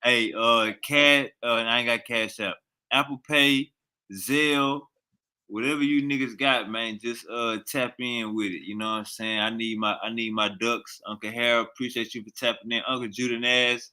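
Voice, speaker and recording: A man's voice: mid-range voice, fairly even intonation, normal speed, sharp tone, clear, resonant tone. A man in a casual chat, loose and joking with trash talk.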